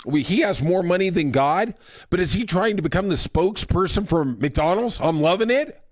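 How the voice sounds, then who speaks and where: A man's voice: high voice, expressive, moderate pace. A man hosting a podcast, delivering a sarcastic, ranting monologue with mocking impressions. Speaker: podcast host. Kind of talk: casual opinion monologue.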